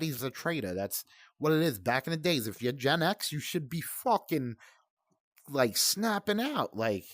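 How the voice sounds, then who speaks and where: Man, 40s, profane rambling rant, raised pitch, dry sound. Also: a bit bright, no echo. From United States. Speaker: gaming channel host. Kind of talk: ranting commentary.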